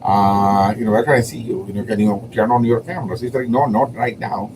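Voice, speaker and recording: A man's voice: lowish voice, fairly even intonation, a little fast, background noise. A man with a non-native English accent, hosting a livestream and telling stories in a rambling, casual way, with frequent laughter. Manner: rambling, heavy use of "you know", frequent laughter. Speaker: livestream host and poet.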